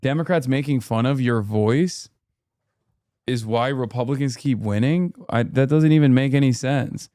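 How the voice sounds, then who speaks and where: A man's voice: medium pitch, dark tone, no room sound. Sardonic man streaming, dry close mic. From United States. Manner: sardonic, profane, quick asides. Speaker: streamer reacting to clips. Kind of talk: casual reaction commentary.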